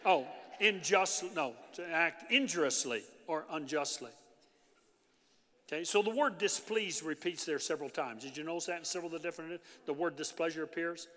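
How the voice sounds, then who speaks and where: A man preaching a lively sermon, talking with his congregation and tossing them asides as he goes. His voice is bright and forceful, a little higher than most men's, and it rings out across a large church hall with a long echo. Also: fairly quick. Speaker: pastor.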